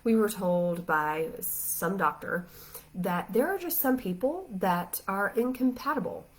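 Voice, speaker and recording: A woman in her thirties, a Christian life coach, talking through a live stream just after crying, halting and full of fillers. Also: mid-range voice, animated, low-quality recording. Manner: tearful, halting, many fillers. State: just finished crying, emotional. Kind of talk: casual live video talk. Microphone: phone or laptop live stream.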